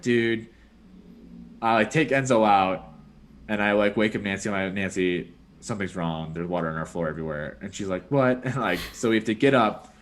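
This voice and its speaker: Rambling young guy telling a story. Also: on the low side. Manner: rambling storyteller, lots of "like" and "dude". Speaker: podcast host. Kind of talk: casual chat.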